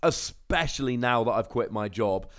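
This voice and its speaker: A man's voice: medium pitch, lively intonation, moderate pace, a bit bright. A young British man from Cornwall talks through a casual solo podcast, wandering off into side stories and coming back again. His voice swings up and down a lot as he chats. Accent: British English. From Cornwall, England. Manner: chatty, rambling storyteller with asides. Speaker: podcast host.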